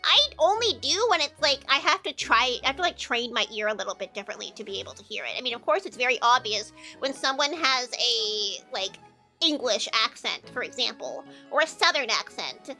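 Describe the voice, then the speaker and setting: A woman with a Midwestern accent streams live, chatting casually and answering viewer comments, her talk full of fillers. Her voice sits high and sounds bright and sharp. Soft music plays faintly behind her. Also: animated, fairly quick. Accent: Midwestern American. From American Midwest.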